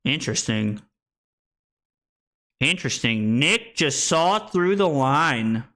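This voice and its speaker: A man's voice: medium pitch, lively intonation, slow, bright, forceful tone. A young man streaming a card game live, talking through his plays and joking with chat in a playful, self-deprecating way. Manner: playful, self-deprecating, chatting with viewers while playing.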